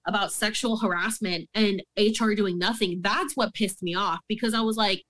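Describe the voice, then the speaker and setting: A woman's voice: mid-range voice, steady tone, normal speed, hardly any pauses, fairly bright tone. A young woman telling a story in a casual interview, heated and profane, acting out quoted dialogue. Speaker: guest.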